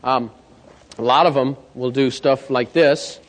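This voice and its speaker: A man's voice: mid-range voice, a little slow. A man presenting a sales coaching seminar, telling stories and checking in with the audience. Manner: lively storyteller, checks in with the audience. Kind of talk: live seminar talk. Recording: long hall reverb.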